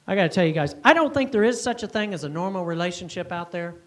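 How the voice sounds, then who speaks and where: Middle-aged guy doing standup, self-mocking, super lively up-and-down voice, keeps saying right?. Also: high voice, quick pace. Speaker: comedian and speaker. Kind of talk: stand-up comedy storytelling.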